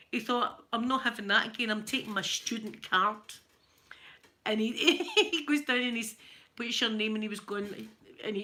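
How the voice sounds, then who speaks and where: A Scottish woman with a Glaswegian accent, chatting casually to her viewers. She tells funny stories, laughs a lot, and her throat is a little hoarse. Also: fairly high pitch, sharp tone. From Scotland. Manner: chatty storyteller, laughs often, mimics voices. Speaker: ASMR channel host.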